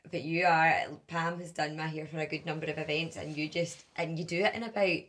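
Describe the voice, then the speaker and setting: A woman's voice: low voice, fairly even intonation, brisk, a bit bright. A woman hosting an interview, asking questions and chiming in with encouraging affirmations. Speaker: interview host. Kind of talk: friendly interview chat.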